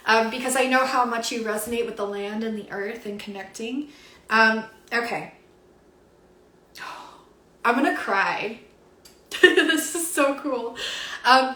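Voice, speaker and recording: A woman's voice: a little high, a bit bright. A young woman giving a spiritual card reading on a home livestream, emotional and near tears, gushing with awe and many fillers. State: teary, emotional. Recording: roomy echo.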